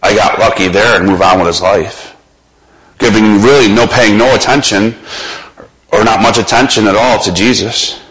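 A man preaching a sermon, slowly and dramatically retelling a scripture scene and putting the listener in it. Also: fairly low pitch, crowd noise, rough recording.

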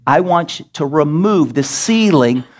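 A pastor delivering an emphatic sermon in a church, scolding and asking rhetorical questions. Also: male voice, on the high side, animated, a little slow. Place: church sanctuary.

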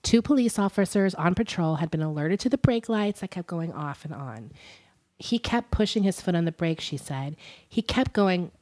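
A woman co-hosting a casual podcast, retelling a story with plenty of fillers. Her voice sits a little low for a woman, and she keeps breaking into giggles and quick apologies. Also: lively intonation, darkish tone. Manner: chatty, many fillers like "um" and "like". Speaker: podcast co-host.

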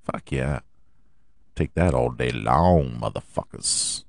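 A man hosting a podcast, hoarse from allergies and often clearing his throat, ranting about football with lots of swearing and rhetorical questions. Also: very deep voice, takes it slowly, no echo, clean studio sound. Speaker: podcast host. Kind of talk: casual sports rant.

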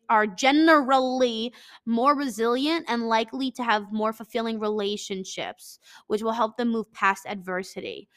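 A woman's voice: a little high, a bit bright. A woman in her twenties with a stuffy nose, talking casually and reading from an article, rambling, profane and self-mocking, with lots of "like.". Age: 20s.

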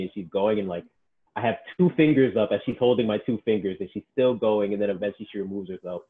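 Man, very low voice, personal trainer, animated storyteller, tinny narrow sound. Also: quick pace. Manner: animated storyteller, acts out clients' quotes. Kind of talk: casual podcast chat.

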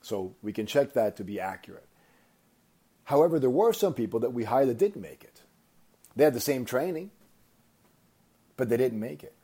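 A man, a company founder, telling a motivational story with emphatic, animated delivery and frequent repetition. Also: medium pitch, normal speed, long pauses, breathy edge.

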